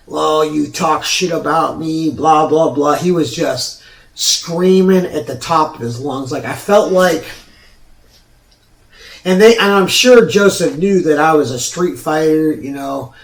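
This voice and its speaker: A man's voice: fairly high pitch, recorded from a distance. A man hosting his own show, telling a personal story in a rambling, profane way with many restarts. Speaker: show host. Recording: roomy sound from off mic.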